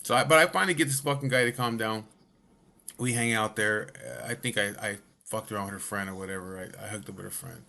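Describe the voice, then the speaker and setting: A man's voice: on the low side, fast talker, creaky, pushed and bright. A man telling a personal story in a casual, profane way, full of swearing and filler asides.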